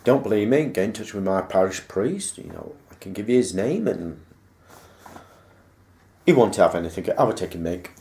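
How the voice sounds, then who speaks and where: This vlogger, with a low, mellow, expressive voice, tells a casual story about his school days at normal speed, leaving long pauses. He rambles and acts out the dialogue he recalls, and the room adds noticeable echo.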